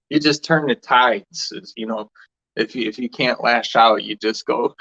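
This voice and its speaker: A man's voice: medium pitch, unhurried, creaky, a bit bright, lo-fi sound. A man hosting a casual livestream, rambling loosely with restarts and fillers as he greets viewers. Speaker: livestream host.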